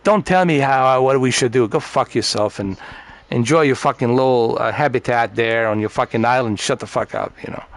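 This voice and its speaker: A man's voice: mid-range voice, a little fast, no room sound. A man ranting bluntly and profanely in a casual gaming party chat. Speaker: streamer.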